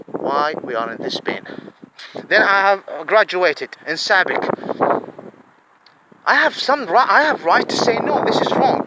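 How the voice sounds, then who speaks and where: A man's voice: high voice, lively intonation, moderate pace, noisy background. A man, giving an angry, profane monologue full of repeated, emphatic questions. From Saudi Arabia.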